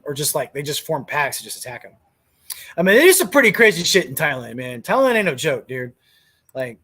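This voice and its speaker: A man's voice: high voice, fairly bright tone. A man hosting a podcast, ranting bluntly and casually, swearing a lot. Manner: crude, blunt, swears freely. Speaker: podcast host. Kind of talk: casual opinion rant.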